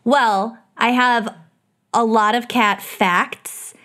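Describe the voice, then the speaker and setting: A woman's voice: a little high, fairly even intonation, very slow, fairly bright tone. A woman co-hosting a podcast in casual chat, talking in a wry, teasing way. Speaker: podcast co-host.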